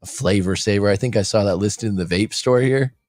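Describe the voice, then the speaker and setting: In a dry recording, a man with a fairly low, slightly mellow voice talks a little fast. He hosts a coaching show as a loose livestream from a room abroad near windows facing the street, joking, rambling and reading viewers' comments out loud.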